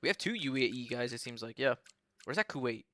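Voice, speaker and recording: A man's voice: mid-range voice, animated, quick pace, fairly bright tone, dry recording, clean studio sound. A young man giving casual, profane, joking commentary on a sim race while bantering with his live chat.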